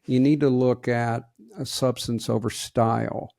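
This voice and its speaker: A man with a Southern US accent talks in a folksy, plainspoken way as a podcast co-host. His voice has a gravelly edge. He is recorded close and dry. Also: medium pitch, steady tone, unhurried, a little mellow, no echo. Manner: folksy, plainspoken, preachy asides to leaders. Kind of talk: casual podcast talk.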